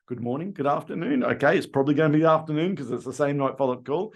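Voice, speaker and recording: A man's voice: fairly high pitch, fast talker, hardly any pauses. A middle-aged man from Australia, training car salespeople and acting out phone calls to customers. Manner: animated, acts out customer calls in quotes. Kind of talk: training talk with role-played phone calls.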